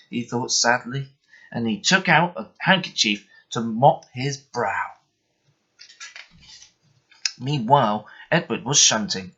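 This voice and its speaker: A man reading a bedtime story aloud in an expressive, measured way. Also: mid-range voice, breathy edge. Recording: muffled lo-fi recording.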